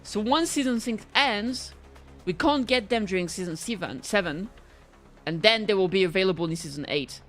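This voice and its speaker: A woman streaming a game, chatting in an excitable, rambling way, swearing and reading game lines aloud. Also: medium pitch, normal speed, faint music behind. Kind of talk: casual gameplay chat.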